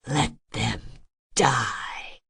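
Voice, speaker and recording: A woman's voice: sits low, very animated, takes it slowly, creaky, a little mellow, slightly rough, exaggerated voice. Woman voicing a bitter ancient Druin elder. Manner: snarling, scornful.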